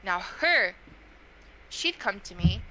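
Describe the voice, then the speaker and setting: A woman's voice: medium pitch, takes it slowly, slight background noise, rough recording. A young woman being interviewed as a tarot reader, talking casually with lots of fillers. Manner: chatty, frequent fillers, animated quoting.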